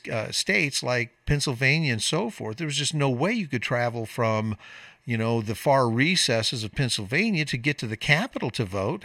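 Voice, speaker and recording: A man's voice: mid-range voice, bright, forceful tone, no echo, far from the mic. A man hosting a call-in talk radio show, lecturing emphatically in a long monologue that drifts into tangents.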